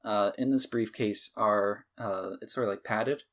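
A man's voice: lowish voice, a little slow. Easygoing man running a tabletop game. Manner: relaxed, many "um" and "uh" fillers. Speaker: game master. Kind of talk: narrating a tabletop game online.

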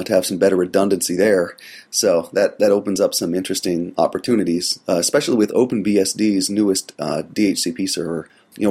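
A man hosting a solo tech podcast with a cold, his voice gravelly, talking in a relaxed, rambling way with many fillers. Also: low-pitched. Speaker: podcast host. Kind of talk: casual solo podcast monologue.

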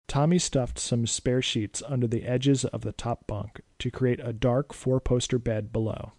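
Dark-voiced man reading a spooky story. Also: medium pitch, steady tone, normal speed, few pauses, no echo, clean studio sound. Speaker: narrator. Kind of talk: scripted storytelling.

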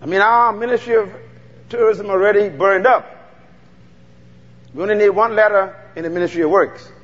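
A man's voice: high voice, fairly even intonation, moderate pace, a bit bright, big-room sound, lo-fi sound. A Bahamian man preaching a fervent sermon, calling out to the congregation for responses.

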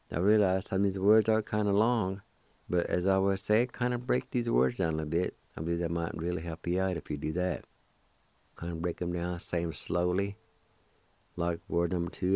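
A middle-aged man hosting a radio language lesson, patiently spelling out letters one by one and repeating each word slowly. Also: deep voice, fairly even intonation, vocal fry, mellow, no room sound. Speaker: radio host teaching the language.

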